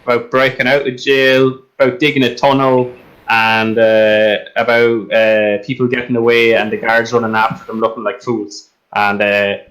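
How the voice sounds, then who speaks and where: A man runs a tabletop game as game master. He describes what happens in an easygoing, chatty way, with plenty of small fillers. His voice sits at a middle pitch. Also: flat delivery, normal speed, a bit bright, low-quality recording.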